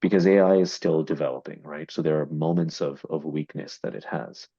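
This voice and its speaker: A man's voice: extremely low pitch, fairly quick, vocal fry, warm tone, husky, no echo. A man explaining AI marketing in a business discussion, with many fillers and repeated words. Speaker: AI investment marketing executive. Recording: dull, dry lo-fi audio.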